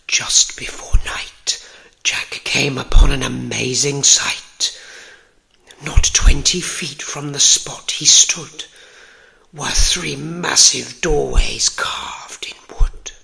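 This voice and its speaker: A man reading a storybook aloud in a gentle ASMR whisper. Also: medium pitch, steady tone, vocal fry. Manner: slow, gentle, soothing whisper.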